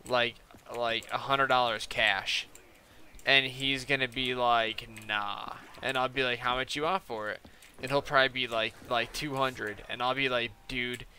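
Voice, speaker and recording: A man's voice: mid-range voice, sharp tone, slight background noise. A young man chatting casually on a gaming live stream, rambling through a story full of fillers and quoted back-and-forth. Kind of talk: casual live-stream chat while playing.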